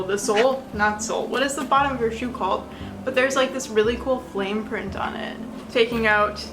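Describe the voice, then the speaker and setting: A young woman vlogging casually in her bedroom, gushing and excitable as she unboxes and tries on shoes. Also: mid-range voice, low-quality recording.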